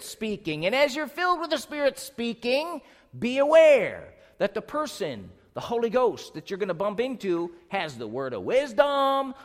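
A man's voice: very high-pitched, big-room sound. A man preaching a sermon in an emphatic, exclaiming way, often asking his listeners questions.

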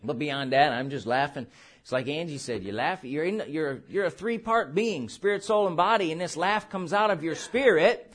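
A man preaching a charismatic sermon at a church service, laughing through his words in an animated, playful way. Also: on the high side, normal speed.

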